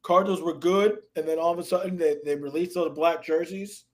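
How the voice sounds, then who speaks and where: A man's voice: fairly high pitch, fairly even intonation, fairly quick. A man co-hosting a live sports talk show, chiming in casually with short agreements and remarks. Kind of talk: live sports debate chat.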